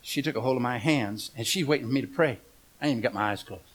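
A man's voice: medium pitch, fast, noisy background. A middle-aged man preaching a humorous storytelling sermon, folksy and joking, asking the congregation questions.

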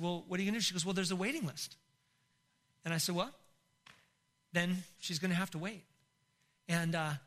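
A middle-aged pastor with a fairly high, sharp voice shares an emotional personal testimony during a sermon. His tearful storytelling breaks into laughs and comes near tears.

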